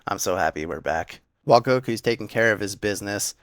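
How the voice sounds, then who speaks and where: A young man with a low, deep voice talks through an anime episode in a casual recap. He is eager and lively in his retelling, briefly putting on the characters' lines. The sound is dry and close, with no room around it. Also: dry recording. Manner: enthusiastic, retells scenes with quick quoted voices.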